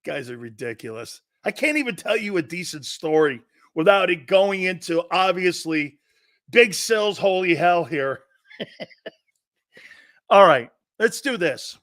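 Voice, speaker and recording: A man's voice: high-pitched, expressive, slow, a bit bright. Chatty laughing male sports host. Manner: rambling storyteller, laughs a lot, quotes others. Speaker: sports talk show host. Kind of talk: casual live-stream sports talk.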